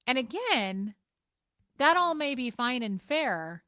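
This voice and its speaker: A woman's voice: high-pitched, very animated, takes it slowly, bright, forceful tone, dry recording. Woman, vlogger, exasperated casual rant, swears freely, dry close sound. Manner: frank and exasperated, swears, repeats herself. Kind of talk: casual talking-to-camera rant.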